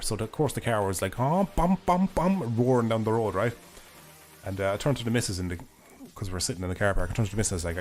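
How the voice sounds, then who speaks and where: A young Irish man streaming a game, chatting casually in a rambling way, swearing freely and laughing often, his voice hoarse and failing. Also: lowish voice. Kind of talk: casual livestream chat while gaming.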